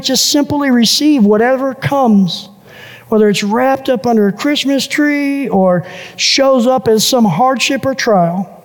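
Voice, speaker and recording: Pastor, sermon, mid-pitched voice, repeats phrases in lists, long hall reverb. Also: darkish tone. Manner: builds points through repeated lists and phrases.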